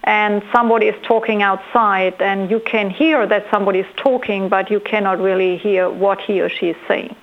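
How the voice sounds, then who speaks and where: Female researcher interviewee, gravelly voice, explanatory, dull lo-fi capture. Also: medium pitch, little pitch movement, a little fast, few pauses. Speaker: neuroscientist interviewee.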